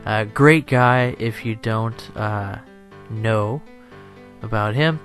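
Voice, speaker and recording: A man's voice: fairly low pitch, slow pace, fairly bright tone, faint music behind. A tired young man chatting over gameplay as a channel host, rambling and self-deprecating, laughing often.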